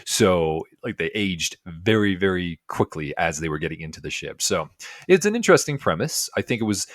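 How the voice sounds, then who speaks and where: A man's voice: deep voice, big pitch swings, moderate pace, no room sound, studio quality. A man co-hosting a podcast, giving a rambling, casual episode review full of fillers and restarts. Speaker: podcast co-host.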